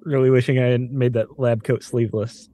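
A woman's voice: a bass voice, fairly even intonation, fairly quick, mellow. A woman playing in a tabletop game, playfully narrating what her character does. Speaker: player. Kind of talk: casual tabletop play.

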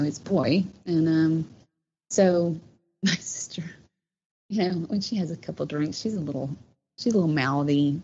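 Low-voiced woman telling a story. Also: creaky. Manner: animated, many fillers. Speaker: guest telling a personal story. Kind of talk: casual storytelling. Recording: dull, slightly noisy sound.

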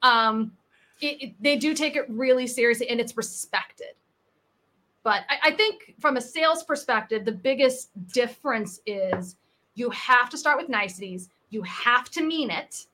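Bright, animated woman. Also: a little high, measured pace, slight background noise. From United States. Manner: animated, acts out quoted people in her stories. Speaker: guest, sales coach. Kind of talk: conversational interview storytelling.

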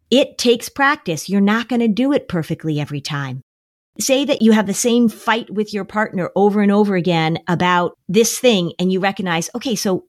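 A woman's voice: mid-range voice, no echo, clean studio sound. A woman therapist on a podcast, speaking emphatically and repeating key words for stress. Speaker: therapist guest. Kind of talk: podcast interview.

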